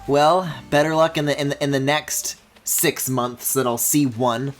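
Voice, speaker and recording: A man streaming a video game, thinking aloud in a low mumble and breaking into high, excited squeals and mock-outraged swearing. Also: unhurried, soft background music. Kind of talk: live-streamed gameplay commentary.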